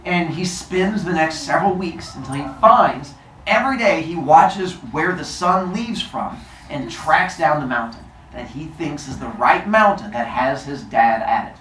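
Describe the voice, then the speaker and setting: Animated man retelling myths to a class. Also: fairly high pitch, unhurried, roomy sound, far from the mic, slight background noise. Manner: animated, jokey retelling with asides. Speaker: teacher and storyteller. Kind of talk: casual myth storytelling to a class.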